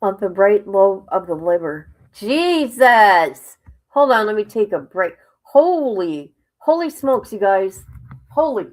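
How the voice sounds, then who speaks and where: A woman hosting a casual livestream, reading a report aloud haltingly and breaking off with exclamations and asides to her viewers. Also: medium pitch, lively intonation, mellow, rough recording. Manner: drops into whispers at times. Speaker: livestream host.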